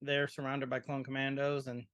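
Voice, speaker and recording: A man co-hosting a podcast, chatting casually as he retells the scenes of an episode in an animated way. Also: medium pitch, normal speed, clean tone, no echo, clean studio sound. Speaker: podcast co-host.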